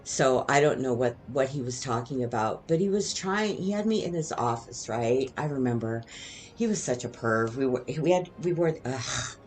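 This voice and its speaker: Here a middle-aged woman, a vlogger, rambles through stories of her earlier life, drifting between topics and often adding "right?" at the end. Her very deep voice is a little mellow, with lively intonation, a moderate pace, and slight background noise.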